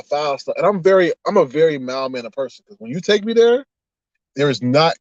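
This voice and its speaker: Animated laughing male streamer. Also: a little high, dry recording, muffled recording. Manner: animated, laughing, preachy asides. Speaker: online streamer. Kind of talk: casual livestream chat.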